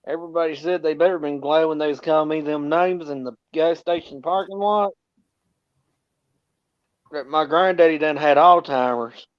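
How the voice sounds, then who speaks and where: A man's voice: a little high, normal speed, clean tone, highs cut off. A man telling a rambling, drawling anecdote.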